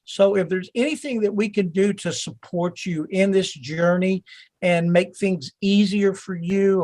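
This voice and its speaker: A man's voice: high-pitched, no room sound. A man hosting a call-in session who talks to callers by name in an encouraging, rambling way. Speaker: host.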